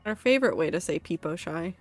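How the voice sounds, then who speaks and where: A woman's voice: on the low side, lively intonation, brisk, faint music behind. Woman streamer, casual rambling chat, playful and self-deprecating. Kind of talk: casual chat while gaming.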